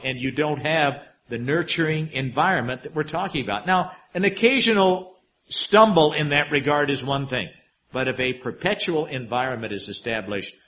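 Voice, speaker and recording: A middle-aged man preaching to his congregation with a very lively, rising and falling pitch. He draws key words out slowly and sinks his voice low and quiet for wry asides. His tone is expressive, with an unhurried pastor's delivery. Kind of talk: sermon.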